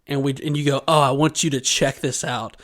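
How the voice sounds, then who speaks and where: A man's voice: mid-range voice, steady tone, a little fast, a bit bright. A man co-hosting a casual podcast, telling long rambling stories and laughing often. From Georgia, USA. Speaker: podcast co-host. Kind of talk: casual chat.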